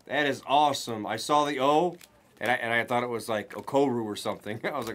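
A man hosting a card break, chatting casually and rattling off pulls with excited running commentary. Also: medium pitch, fast. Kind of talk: casual chat while opening cards.

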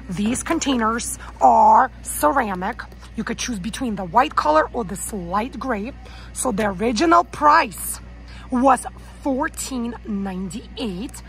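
A woman strolls through a store's garden center and narrates at an unhurried, slow pace, gushing over every item. She reads out labels and prices as she goes, over faint background music. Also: fairly high pitch, low-quality recording. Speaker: vlogger. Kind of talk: shop-with-me store tour narration.

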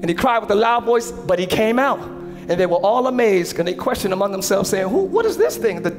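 A man preaches to his congregation with a strikingly high voice, swinging between casual slangy asides and shouted, animated passages. Steady music plays underneath him in the church sanctuary. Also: fairly quick. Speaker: pastor. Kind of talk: sermon.

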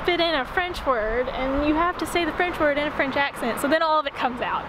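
Woman travel companion, high and bright, casual and offhand, picked up off-mic over loud outdoor noise. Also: a little fast. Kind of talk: casual chat. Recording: noisy outdoor sound, off-mic.

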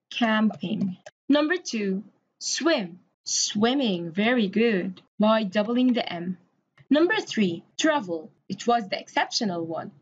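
A woman's voice: on the high side, muffled recording, a little hiss or hum. A woman from Egypt, an English teacher giving a recorded grammar lesson, explaining step by step and spelling words out letter by letter.

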